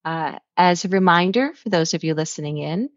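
A woman's voice: on the low side, normal speed, dry recording, dull audio. A woman hosting a podcast, talking in an enthusiastic, encouraging way as she wraps up an interview. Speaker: podcast host.

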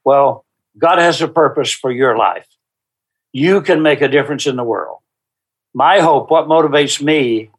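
A man as a guest in an interview, earnestly describing the small-group workshops he leads, with unhurried, faith-driven conviction. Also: mid-range voice, husky. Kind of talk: interview answers.

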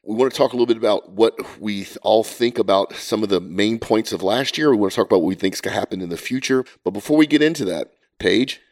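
A man's voice: on the low side, fast. A man co-hosting a podcast in a studio room with guests, joking with them in casual chat. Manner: joking, laughs easily. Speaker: podcast co-host.

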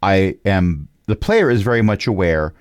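A man playing a tabletop game, explaining his plans in a deliberate, wry way. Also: low-pitched, expressive, clean tone. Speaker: player.

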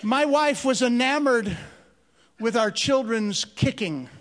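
A man does stand-up storytelling in a church hall, with animated delivery and stretched-out punchlines. His voice sits high and carries a long hall reverb. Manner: animated, drawn-out comic delivery. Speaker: comedian.

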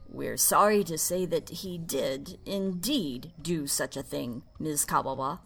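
A woman voicing a calm, polite talking lion leg that speaks in a measured, placating way. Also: sits low, creaky, husky, exaggerated voice.

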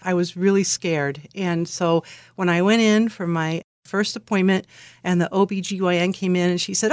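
A middle-aged woman from California talking as an interview guest, an animated storyteller who laughs often and acts out what people said. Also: on the low side, a little fast, no room sound, studio quality. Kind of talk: conversational interview.

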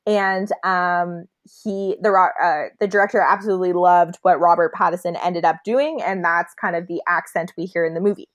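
A woman's voice: lowish voice, fairly even intonation, moderate pace, few pauses. Chatty woman podcaster. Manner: chatty, many fillers and restarts. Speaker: podcast co-host. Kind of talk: casual movie discussion.

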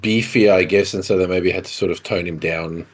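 A man's voice: deep voice, steady tone, a little fast. A man co-hosting a podcast in casual chat, laid-back and hedging, swearing casually. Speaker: podcast co-host.

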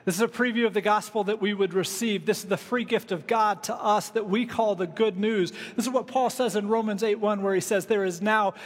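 A man preaches to his congregation in an easygoing, chatty manner, tossing in casual asides. His voice sits high for a man. The sound carries the long reverb of a large church sanctuary. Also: fairly even intonation, fairly quick, hardly any pauses. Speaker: pastor. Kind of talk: sermon.

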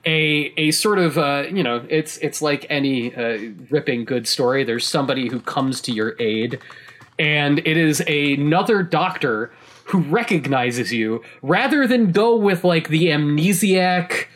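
A man chatting casually about a video game, excitable and rambling, with many restarts and laughs mid-sentence. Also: on the high side, measured pace. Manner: casual swearing.

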